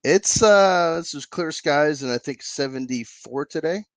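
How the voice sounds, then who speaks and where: A man's voice: on the high side, measured pace, no room sound. A man co-hosting a casual podcast chat, laid-back and full of fillers. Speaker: co-host. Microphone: video call.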